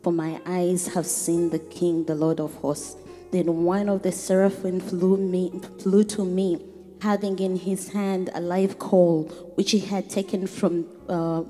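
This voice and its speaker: Slow-speaking woman preacher in a reverberant hall. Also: on the low side, warm tone. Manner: unhurried, reads scripture aloud and rises into fervent prayer. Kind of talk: sermon with prayer. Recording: long hall reverb with faint music.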